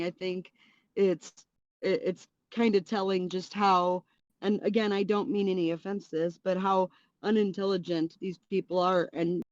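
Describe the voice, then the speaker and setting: A frank woman panelist arguing her point plainly in casual talk. Her pitch is middling and even. The recording is dull and lo-fi, with a dry, close sound. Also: no room sound. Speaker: podcast panelist. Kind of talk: casual chat.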